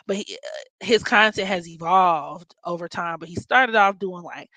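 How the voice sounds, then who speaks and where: Medium in pitch and a bit bright, this Baltimore-accented host from Maryland keeps her astrology chat crude, frank and full of jokes, putting on teasing mock voices. The recording is rough, with no room sound.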